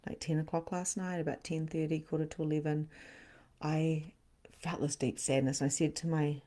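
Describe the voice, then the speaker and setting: A woman hosting a live online spiritual session, telling stories in a casual, animated way. She laughs often, swears for emphasis and acts out scenes, then turns quiet when she speaks of loss. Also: deep voice. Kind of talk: casual storytelling to a live audience.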